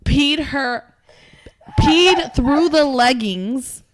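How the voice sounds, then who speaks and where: A woman's voice: high voice, animated, extremely slow, dry recording. A woman co-hosting a podcast in casual chat, blunt and teasing, swearing freely. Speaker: podcast co-host.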